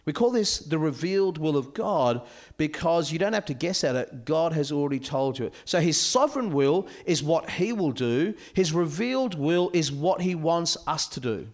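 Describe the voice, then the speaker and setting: Casting: male camp speaker, bright voice, swooping delivery, joking sermon to youths. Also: on the high side, moderate pace. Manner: animated, joking with a youth audience.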